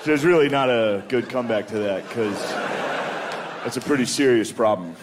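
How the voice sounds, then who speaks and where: A man's voice: mid-range voice, moderate pace, noisy background. A man doing stand-up comedy, crude and profane, chuckling at his own jokes and saying dude a lot. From United States. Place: comedy stage before a live audience.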